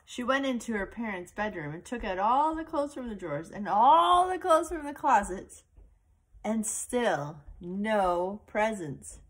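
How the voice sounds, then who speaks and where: A woman reading a picture book aloud to a child, slowly and expressively, with little asides about the pictures. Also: mid-range voice, animated, breathy edge.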